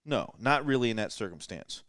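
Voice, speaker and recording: A man with a lowish voice talks through his ideas in a loose, rambling way during a late-night podcast chat. He is indoors at a rental house, and the sound is close and dry with no room echo. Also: very animated, a little fast, fairly bright tone. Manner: rambling, thinks aloud with fillers. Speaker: podcast host.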